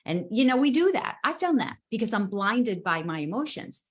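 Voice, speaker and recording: A woman guest speaker telling a story in a casual live video chat, animated and emphatic, with quick asides. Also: a little high.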